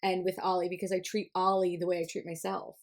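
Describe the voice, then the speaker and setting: A woman in casual chat with friends, talking earnestly and warmly about raising her young son, with many "like"s. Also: on the low side, flat delivery, fast talker. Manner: earnest, heartfelt, lots of "like". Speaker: podcast co-host.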